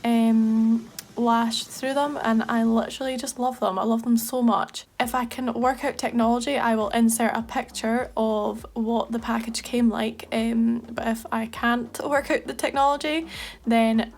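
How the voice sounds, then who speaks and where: A young Scottish woman, a makeup artist, chatting warmly and enthusiastically through a makeup tutorial. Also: on the high side, fairly even intonation, unhurried. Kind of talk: casual makeup tutorial chat.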